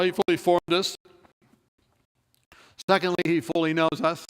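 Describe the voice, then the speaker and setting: A man's voice: high voice, little pitch movement, moderate pace, pauses often, clean tone. A man preaching a sermon, telling a personal story and acting out the dialogue, then rising to emphatic moments. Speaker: pastor. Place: church.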